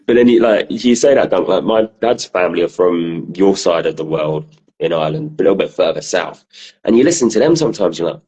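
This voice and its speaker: Casual podcast co-host, male, southern English, deep husky voice, storyteller who swears. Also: normal speed, dark tone, poor audio. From southern England. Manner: laughing storyteller, swears freely. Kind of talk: casual chat.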